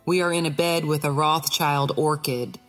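A snobbish tulip flower from a storybook who speaks loftily and looks down on others, played by a woman narrator. Her voice is low, with faint music behind. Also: fairly even intonation, normal speed, big-room sound. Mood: haughty. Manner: haughty, lofty.

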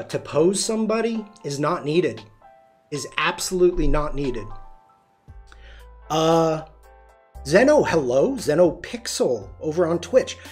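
A man's voice: fairly high pitch, darkish tone. A man hosting a live-streamed photography tutorial, chatty and demonstrative, greeting viewers and answering chat as he shows poses.

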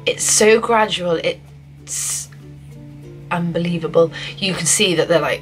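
A young woman vlogging a casual film review, gushing and excitable, often restarting her sentences. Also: on the low side, measured pace, long pauses, soft background music, poor audio. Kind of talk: casual spoiler review to camera.

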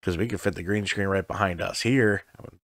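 A man's voice: low-pitched, a little fast, vocal fry, fairly bright tone, dry recording. A man co-hosting a chatty podcast from his home studio, rambling and swearing casually. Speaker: podcast co-host. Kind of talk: casual chat.

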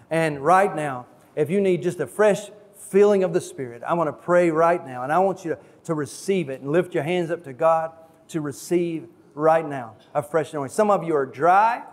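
A male pastor preaching a sermon, telling a story in a halting, rambling way with restarts. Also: on the high side, long reverb tail. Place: church.

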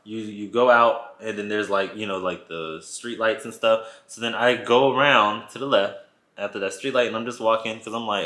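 A man's voice: lowish voice, normal speed, pushed and bright, reverberant. A man vlogging a casual storytime, retelling events dramatically and talking straight to his viewers.

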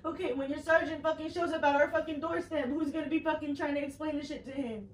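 A high-voiced young woman speaks bluntly, swearing and sounding worn out and exasperated. She is recorded from a distance in a roomy space. Faint noise sits behind her. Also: fairly even intonation, fast. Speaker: girlfriend. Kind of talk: heated argument.

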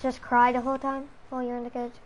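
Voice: sits high, monotone, quick pace, dull audio. A child casually play-acting while gaming, talking in an exasperated way with groans and mutters.

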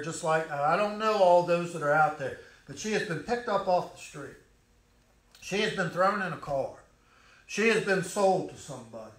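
A middle-aged man preaching a sermon in a church, swinging from hushed pleading to loud, fervent calls. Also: high voice, roomy sound, poor audio. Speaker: pastor.

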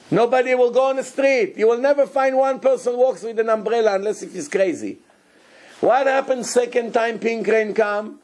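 A man, a rabbi, giving a Torah lesson in animated, broken English and acting out quotes. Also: sits high. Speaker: rabbi teaching a Torah class.

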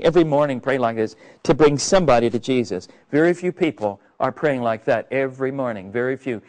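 Earnest, higher-voiced male preacher. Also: normal speed, darkish tone, poor audio. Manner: conversational, earnest, many fillers. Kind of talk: sermon.

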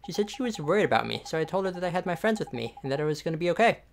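A man's voice: fairly high pitch, very animated, racing, gravelly, slight background noise. Earnest young boy hero, reassuring, read by a man.

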